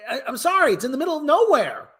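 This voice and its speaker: Host: a man from Connecticut, incredulous rambling rant, pitch swinging up and down. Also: big pitch swings, fast, fairly bright tone. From Connecticut, Hartford area. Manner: exasperated, incredulous, many restarts. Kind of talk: casual rambling sports commentary.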